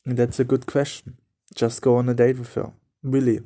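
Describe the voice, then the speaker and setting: Mellow-voiced man, non-native English. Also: mid-range voice, flat delivery, a little fast. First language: not English. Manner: earnest, repetitive, loose non-native phrasing. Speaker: podcast host. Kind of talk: solo motivational podcast talk.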